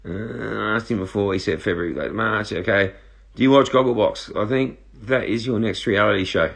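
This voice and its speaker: An Australian man in his thirties, casually reading viewer questions out loud and answering them in a laid-back, joking way. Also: lowish voice, moderate pace, vocal fry. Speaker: reality show contestant answering live viewer questions. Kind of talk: casual live-stream Q&A.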